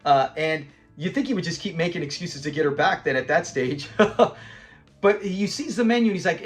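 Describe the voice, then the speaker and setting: Male reviewer with a high voice, a lively retelling of episodes, faint background music. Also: a little fast. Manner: animated, laughs often, acts out lines while retelling scenes. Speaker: show reviewer.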